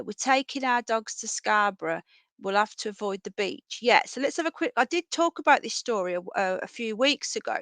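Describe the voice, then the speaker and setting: A chatty woman hosts a casual livestream from home, talking straight to her viewers. Her voice sits fairly high, and she keeps breaking into a shrill singsong to call her pets. The sound is close and dry, picked up by an earphone mic. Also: bright, forceful tone, dry recording. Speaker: livestream host. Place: home, indoors.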